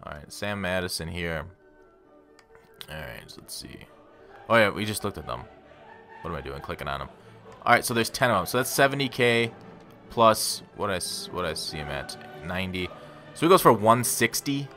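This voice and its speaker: Low-voiced man rambling over gameplay. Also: big pitch swings, moderate pace, pushed and bright, soft background music. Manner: rambling, self-deprecating, talks to viewers. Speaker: gaming YouTuber. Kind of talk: casual gameplay commentary.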